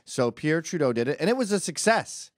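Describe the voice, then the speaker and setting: A man's voice: a little high, big pitch swings, brisk, no echo, clean studio sound. A man from Britain giving a sarcastic, mocking comedic rant over a video clip. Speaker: commentator.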